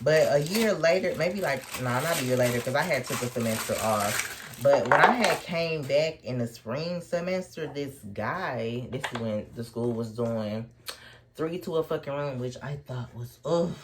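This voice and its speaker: A man's voice: mid-range voice, moderate pace, very noisy. A young man telling a wild story in a casual storytime vlog, swearing constantly and laughing as he talks. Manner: animated, swears constantly, laughs while talking. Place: indoors at home, sipping a drink.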